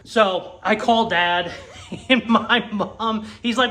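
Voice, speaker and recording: A young man chatting casually in a garage vlog, excited, laughing often and swearing casually. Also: sits high, normal speed. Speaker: custom car builder and YouTuber.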